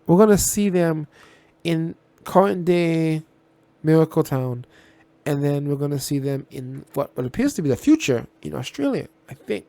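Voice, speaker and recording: Man, TV reaction host, gravelly, rambling and blunt, dry close sound. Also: fairly high pitch, lively intonation, normal speed, mellow, no echo. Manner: rambling, restarts and repeats himself, blunt with swearing. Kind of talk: casual spoken TV reaction.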